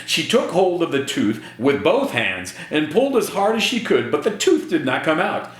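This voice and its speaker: A teacher reading a picture book aloud to children, chatty and playful. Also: male voice, medium pitch, big pitch swings, moderate pace, hardly any pauses, fairly bright tone. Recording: echoey room.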